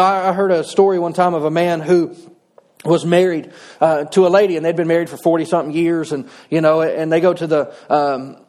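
A man's voice: a little high, a little mellow. A middle-aged man, preaching a sermon in a folksy, conversational way with touches of humor. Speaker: pastor.

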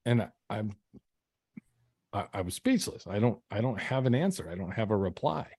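A man's voice: fairly low pitch, expressive, moderate pace, a little mellow, breathy edge, no room sound, clean studio sound. A man, a podcast guest, telling a personal story in an interview, earnest and often restarting his sentences. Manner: earnest, frequent false starts and repeats.

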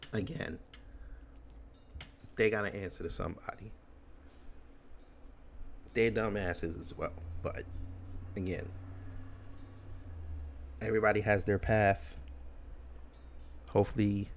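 A man's voice: low-pitched, creaky, slight background noise. A man hosting a commentary show, ranting bluntly and emphatically with crude language. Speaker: commentary host.

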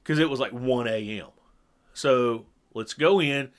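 A middle-aged man telling a long story in casual chat, animated and acting out what people said. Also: mid-range voice, a little slow. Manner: animated storyteller who acts out quotes. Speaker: podcast co-host.

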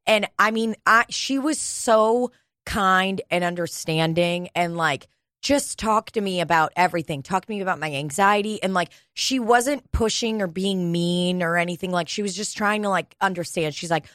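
A woman's voice: mid-range voice, moderate pace, fairly bright tone, dry recording, studio quality. A woman in casual chat, telling candid personal stories with plenty of swearing. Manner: candid, profane storytelling.

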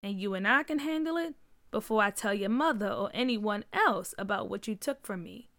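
A woman voicing a protective father who speaks in a calm but stern, measured way. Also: fairly high pitch, clear, resonant tone, dry recording, studio quality.

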